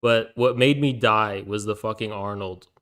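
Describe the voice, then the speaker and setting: A man's voice: fairly low pitch, steady tone, moderate pace, a bit bright. A man chatting casually on a stream, swearing a lot and breaking into helpless laughter. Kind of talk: casual live-stream chat.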